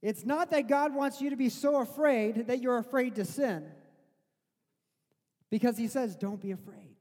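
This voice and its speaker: A man with a notably high voice delivers a sermon. He talks in a loose, conversational way, then slows down and builds to loud, emphatic lines. His voice rings out with a long reverb from the hall. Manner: conversational preaching that swells to loud, slow emphatic quotes. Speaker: preacher.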